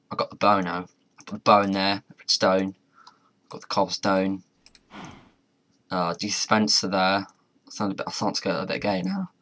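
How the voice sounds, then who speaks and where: A young man with a low, bright, forceful voice narrates his play of a modded game, chatting and muttering with some mild swearing. Keyboard and mouse clicks sound faintly in the background.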